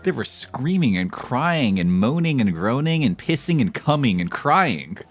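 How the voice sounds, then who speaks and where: Streaming a cooking game, a man chats casually, cracking crude, rambling jokes packed with fillers. His medium-pitched voice is very animated at a measured pace, with soft music in the background.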